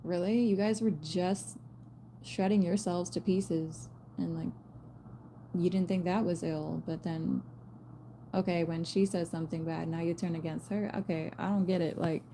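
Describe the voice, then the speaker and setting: Blunt slangy woman with a mellow voice. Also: fairly low pitch, slight background noise. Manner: blunt, swearing, slangy and animated. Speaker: spiritual reader. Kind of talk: casual spiritual message to viewers.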